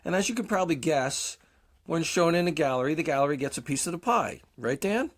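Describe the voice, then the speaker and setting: A man's voice: on the high side, animated, fairly quick. A man in his forties, co-hosting a podcast, telling a long casual story, swearing often and mocking himself. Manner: profane, self-deprecating storyteller. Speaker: podcast co-host.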